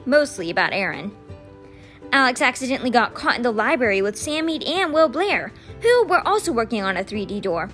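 Woman reading a novel aloud, animated. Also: a little high. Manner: expressive, animated. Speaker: storyteller.

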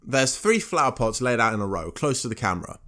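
A man co-hosting a casual podcast, recapping a TV episode in a halting, hesitant way with many pauses and self-corrections. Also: medium pitch, sing-song, a bit bright. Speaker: podcast co-host.

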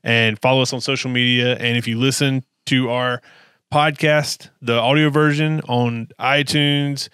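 Podcast guy with a smooth clear voice, dry close mic, doing the outro. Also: medium pitch, flat delivery, unhurried, fairly bright tone, no room sound. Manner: brief reactions, plugs the network. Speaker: podcast host. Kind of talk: casual chat and show outro.

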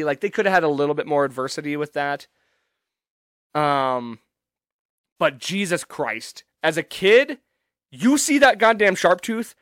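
A young man talks through a casual solo podcast in a slightly raised voice. He is emphatic and rambling, full of swearing and quick restarts. The sound is dry and close, with no room around it. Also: fairly high pitch, fairly bright tone, no room sound. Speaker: podcast host.

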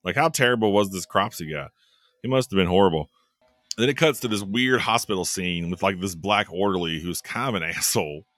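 A man co-hosting a casual chat, talking in a joking, wry way with quick asides. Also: sits low, animated, fairly bright tone, no room sound. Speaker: podcast co-host.

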